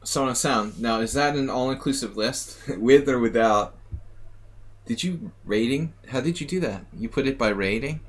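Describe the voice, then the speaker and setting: A man's voice: medium pitch, moderate pace, hardly any pauses. A man streaming a chess simul, thinking aloud in a muttering, self-mocking way. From United States. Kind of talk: live commentary while playing.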